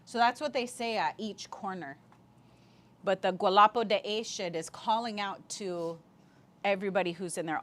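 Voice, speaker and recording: A woman teaching a language class, speaking patiently and repeating words slowly for learners, with easy laughs. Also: mid-range voice. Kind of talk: online language lesson.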